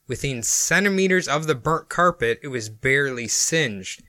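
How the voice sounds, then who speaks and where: A man with a bright, forward voice co-hosts a casual podcast. He reads from his notes in a relaxed way and often breaks into small chuckles mid-sentence. The sound is dry and close, with no room around it. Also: mid-range voice, moderate pace, no room sound. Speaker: podcast co-host presenting the topic. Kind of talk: casual chat mixed with reading notes aloud.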